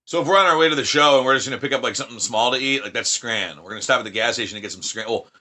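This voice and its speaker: Bright-voiced, swearing American storyteller. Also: male voice, mid-range voice, racing. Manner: profane, animated anecdotes. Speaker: guest. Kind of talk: casual chat, storytelling.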